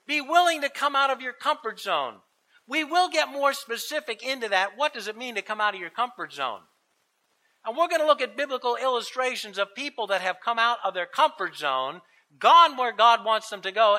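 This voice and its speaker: A man preaching a sermon with an exuberant, animated delivery and dramatic swings in voice. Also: high-pitched, moderate pace.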